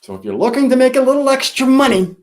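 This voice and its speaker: A school principal giving a speech, telling a story with dramatic pauses. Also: male voice, extremely high pitch, huge pitch swings.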